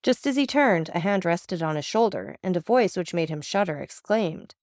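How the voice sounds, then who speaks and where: A woman narrating a classic novel as an audiobook reader, telling it in a steady, even way. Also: lowish voice, moderate pace, hardly any pauses, no echo, clean studio sound.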